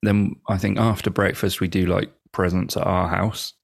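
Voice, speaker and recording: Lowish gravelly guy joking around on a podcast, dry close mic. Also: flat delivery, normal speed, no echo. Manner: laughs often, teasing. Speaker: podcast co-host. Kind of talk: casual chat.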